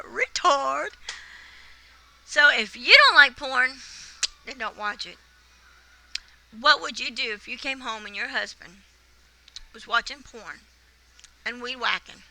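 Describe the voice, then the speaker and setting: Blunt, bright-voiced woman ranting. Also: a little high, measured pace, long pauses, low-quality recording. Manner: blunt, indignant storytelling. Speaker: vlogger. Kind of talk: casual rant to camera.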